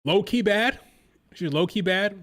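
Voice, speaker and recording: A man's voice: high-pitched, a little slow, fairly bright tone. A man hosting a live wrestling watch-along, chatting casually and mimicking crowd chants in a sing-song rhythm. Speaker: live stream reaction host.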